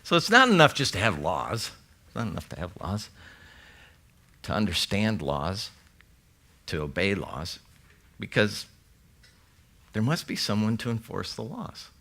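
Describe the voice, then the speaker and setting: A man preaching a sermon as pastor, reading scripture aloud and adding quick conversational asides to the congregation. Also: on the low side, big pitch swings, creaky, pushed and bright.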